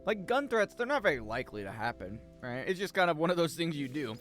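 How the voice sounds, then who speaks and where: A man's voice: a little high, very animated, quick pace, a bit bright, faint music behind. Joking man streaming. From United States. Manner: joking, swears freely, rambling. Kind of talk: casual gaming stream chat.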